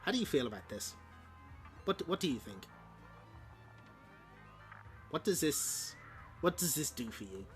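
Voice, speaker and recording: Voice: medium pitch, very animated, unhurried, long pauses, soft background music. A streamer reading a comic aloud on stream, breaking off for playful, chuckling asides about the art and story. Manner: playful, chuckling asides between read panels. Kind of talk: casual comic read-along with commentary.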